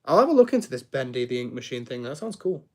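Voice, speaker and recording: A man's voice: mid-range voice, very animated, fast talker. A young man chatting casually on a live stream while he builds, rambling, reacting to chat and tripping over his words.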